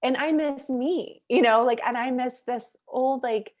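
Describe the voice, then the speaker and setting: A woman guest on a podcast interview, telling a candid personal story in an animated, chatty way full of "like" and "you know", laughing easily as she goes. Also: sits high, unhurried. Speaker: guest, mindset coach and facilitator.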